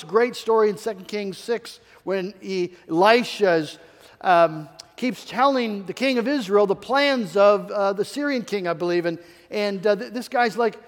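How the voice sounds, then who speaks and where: A man's voice: sits high, a little slow, big-room sound. A male pastor preaching a sermon in an earnest way, often repeating key phrases and restarting his sentences.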